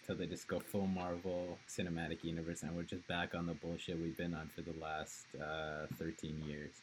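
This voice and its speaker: A man with a fairly low voice co-hosts a loose, joking podcast chat. He rambles, laughs often and trails off between thoughts. A faint hum of noise sits behind him. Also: monotone, moderate pace, low-quality recording. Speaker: podcast co-host. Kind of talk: casual chat.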